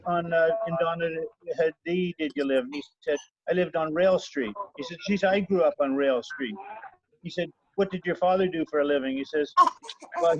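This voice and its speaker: An older man telling a family story and a joke in a rambling, repetitive way on a video call. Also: fairly high pitch. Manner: rambling, repeats himself while telling a joke. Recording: muffled video call audio.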